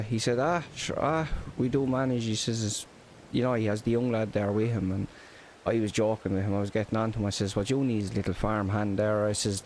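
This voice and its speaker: A man's voice: on the low side, darkish tone, slight background noise. Chatty Irish man. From Ireland. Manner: chatty storytelling with local slang. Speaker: roleplay gamer narrating. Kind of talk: casual in-character roleplay narration.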